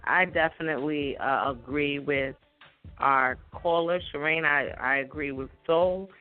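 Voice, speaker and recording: A woman co-hosting a radio talk show, speaking in a measured, earnest way with some hesitant restarts. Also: deep voice. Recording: tinny phone-like radio audio with faint music.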